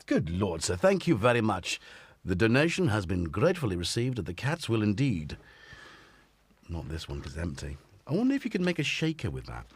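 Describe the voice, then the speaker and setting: A man's voice: lowish voice, wildly swooping pitch, a little fast, slightly rough, dry recording. Tired, rambling man hosting a stream. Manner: rambling, self-deprecating, playful asides to his cats. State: tired, slightly sore throat. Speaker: host of a live synth stream. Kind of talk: casual live-stream chat.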